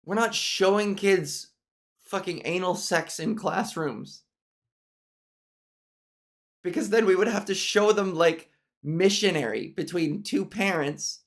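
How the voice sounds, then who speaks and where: Nasal, frank-talking woman podcast host. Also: a little slow. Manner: frank, profane, venting with restarts; consciously pitching her voice up and resonance forward. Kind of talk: solo podcast chat. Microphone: camera mic angled up from below.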